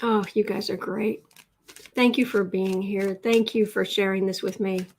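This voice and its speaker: A woman's voice: mid-range voice, steady tone, measured pace, darkish tone, slight background noise. A woman hosting a live tarot stream, chatty and emotional, teary at times, reading out viewer comments. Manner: emotional and chatty, many restarts.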